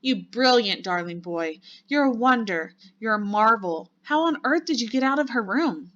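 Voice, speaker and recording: A woman reading a storybook aloud, voicing a loving, protective old grandmother with a warm, doting manner. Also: mid-range voice, a little slow, voice pushed up, close to an everyday voice. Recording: muffled lo-fi recording.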